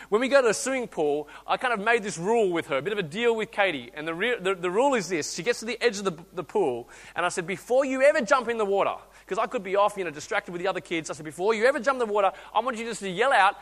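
A man, a guest preacher telling a story in a sermon, swinging between loud urging and quiet intimate speech. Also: high voice, in a large hall. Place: church hall.

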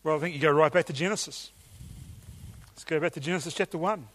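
A man's voice: a little high, fast talker, fairly bright tone. A man preaching a teaching sermon with emphatic enthusiasm and some hesitations.

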